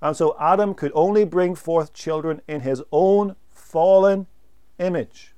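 Male preacher, slightly high and smooth; unhurried sermon delivery that leans hard on single words. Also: dark tone. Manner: slow, deliberate preaching with emphatic pauses on single words.

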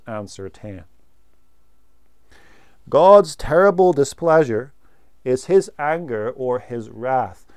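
A man preaching a sermon, slow and deliberate, pausing to stress single words. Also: fairly high pitch, clear, resonant tone.

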